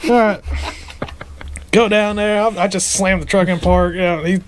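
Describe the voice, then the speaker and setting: A man's voice: high voice, fairly even intonation, normal speed, a little hiss or hum. A man co-hosting a casual podcast, telling a story with lots of swearing and laughter and acting out the quotes. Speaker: podcast co-host.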